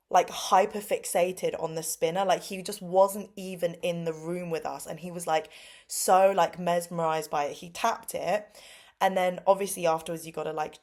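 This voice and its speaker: A young woman with a London accent, in her twenties, chatting casually. She talks in a somewhat low register, packs her speech with fillers, and jumps up in pitch to act out what others said. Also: darkish tone. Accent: London English. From London, England. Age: 20s. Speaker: English teacher vlogger. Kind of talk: casual storytime chat. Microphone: phone or laptop mic.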